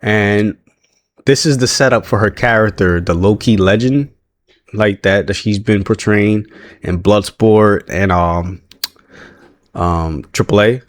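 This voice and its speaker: A man's voice: fairly low pitch, slow. A man recapping a wrestling show in a casual, chatty way, laughing often and restarting his sentences.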